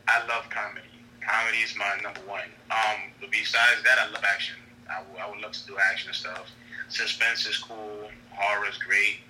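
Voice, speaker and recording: A man's voice: on the low side, little pitch movement, a little fast, bright, forceful tone, a little hiss or hum, rough recording. A man who works as an actor, answering interview questions on a podcast in an easygoing, rambling way. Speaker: actor guest.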